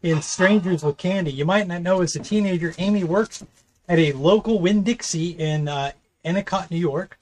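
A man's voice: high-pitched, normal speed. A man co-hosting a podcast, laid-back and teasing, also reading out a comedy history segment. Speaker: podcast co-host. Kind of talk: casual comedic chat.

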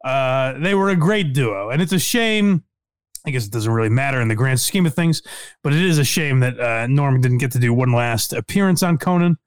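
A man hosting a podcast, chatting casually about comedy clips, excited and laughing, loose with fillers and swearing. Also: medium pitch, normal speed, smooth, no room sound, clean studio sound. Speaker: podcast host. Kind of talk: casual chat reacting to clips.

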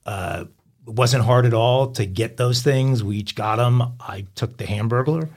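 A man's voice: mid-range voice, measured pace. A middle-aged man hosting a crime podcast, telling stories and reading headlines in a wry, chatty way. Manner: wry, storytelling. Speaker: podcast host. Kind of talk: casual podcast chat and news reading.

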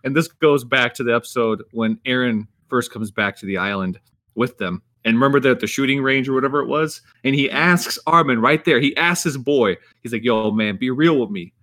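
A man on a casual podcast panel, animated and playful, slipping into voices as he retells scenes. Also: mid-range voice, a little fast. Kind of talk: casual group chat.

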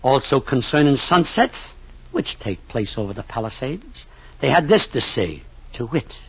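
A man's voice: mid-range voice, very animated, unhurried, slightly rough, dry recording. A man narrating a 1940s radio comedy in a mock-pompous, long-winded way, full of grand phrasing. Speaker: comic narrator. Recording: dull old radio recording.

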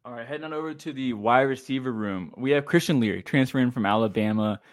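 A man's voice: medium pitch, quick pace, dry recording, studio quality. A man co-hosting a casual fantasy football podcast, talking loosely with lots of fillers and blunt opinions. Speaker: podcast co-host.

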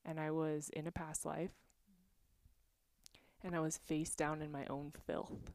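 A woman with a lowish voice shares personal stories in a frank, emotional way, swearing now and then. She is recorded close and dry, with no room sound. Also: little pitch movement, measured pace, a little mellow, no room sound. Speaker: podcast guest. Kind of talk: candid conversation among friends.

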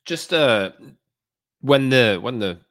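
A man co-hosting a football podcast in casual chat, talking in a measured way. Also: mid-range voice, lively intonation, a bit bright, no room sound, clean studio sound. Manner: measured, with fillers and restarts. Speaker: podcast co-host.

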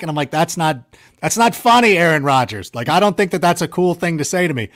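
A man telling rambling, self-mocking anecdotes in a casual chat, with lively jumps in his voice. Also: on the high side, fast talker.

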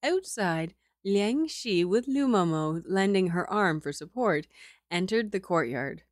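A woman reading a novel aloud in a calm, even manner. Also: mid-range voice, a little slow, no room sound, clean studio sound. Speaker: audiobook reader.

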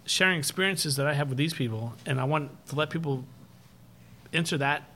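A man's voice: a little high, pushed and bright, a little hiss or hum. Swearing, laughing graffiti artist man. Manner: profane, laughs often, rapid bursts. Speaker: graffiti artist and live-stream host. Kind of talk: casual podcast chat, storytelling.

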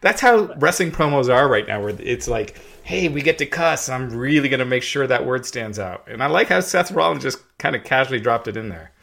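A man co-hosting a podcast, chatting about wrestling in an animated way and acting out quotes. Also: mid-range voice, brisk, creaky, few pauses. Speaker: podcast co-host. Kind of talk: casual wrestling chat.

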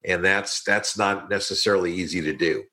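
Bright-voiced male podcast host. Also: low voice, fairly even intonation, normal speed. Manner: hesitant, restarts phrases often. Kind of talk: podcast interview.

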